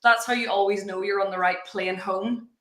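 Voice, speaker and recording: A woman's voice: medium pitch, fairly even intonation, moderate pace, fairly bright tone, reverberant. A woman co-hosting a livestream, chatting in a teasing, enthusiastic way. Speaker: livestream co-host. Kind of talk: casual chat.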